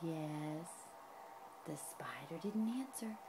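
A woman reading a picture book aloud to her toddler at home, gently coaxing with questions. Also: deep voice, animated, takes it slowly, very noisy.

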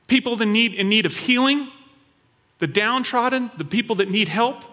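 A male pastor preaching a sermon in an animated storytelling manner. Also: very high voice, moderate pace. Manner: animated storytelling, acting out quoted voices. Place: church hall. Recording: long hall reverb.

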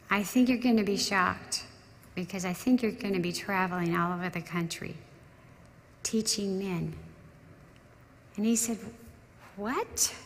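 An older woman speaks at a memorial service, telling stories of her late husband with emotional restarts and trailing phrases. Her voice carries a gravelly edge at a middle pitch. The sound rings with the long reverb of a large church sanctuary over a faint background hum. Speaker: widow giving a memorial tribute. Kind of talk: memorial tribute speech.

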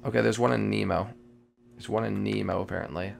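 A man giving live commentary while playing a multiplayer game, jittery and excitable, repeating phrases and breaking into sudden loud outbursts. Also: fairly low pitch, a little fast, creaky. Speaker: gamer playing a multiplayer survival match.

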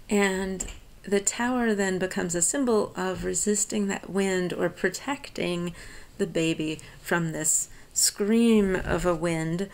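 An American woman professor reads verse in an unhurried way and then talks it through in easy, chatty asides. Her voice has a gravelly, creaky edge at a middle pitch. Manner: reads verse slowly, then explains in relaxed conversational asides. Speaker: college professor. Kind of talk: lecture on a poem, reading lines aloud and explaining.

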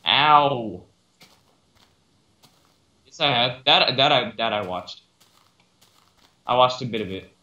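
A man's voice: medium pitch, lively intonation, slow, long pauses, sharp tone, muffled recording. A man in casual multiplayer gaming chat, talking in a plain, insistent way. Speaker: game player. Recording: roomy echo.

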